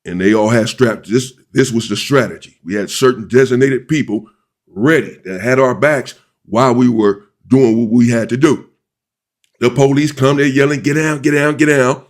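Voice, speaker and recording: Man recounting a prison riot. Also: medium pitch. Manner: deliberate, repeats and restates points. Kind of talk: first-person storytelling.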